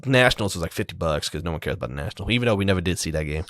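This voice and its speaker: A man's voice: low-pitched, rapid-fire, no room sound. A man co-hosting a podcast, telling stories in casual chat and acting out the quoted exchanges. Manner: animated storytelling, acts out quoted exchanges. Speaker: podcast co-host.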